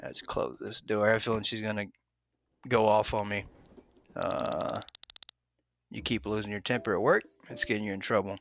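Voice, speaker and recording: A man casually commentating as he plays a game, joking bluntly and filling pauses with "uh". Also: on the low side, little pitch movement, gravelly, a bit bright. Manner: joking, mock-blunt, with many "uh"s. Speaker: gaming video host. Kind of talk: casual let's-play commentary.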